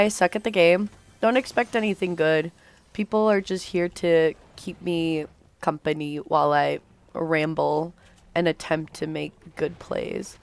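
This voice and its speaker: Rambling young woman streamer, low smooth voice. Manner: rambling, filler-heavy, casual swearing. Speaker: livestreamer. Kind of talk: rambling storytime while gaming.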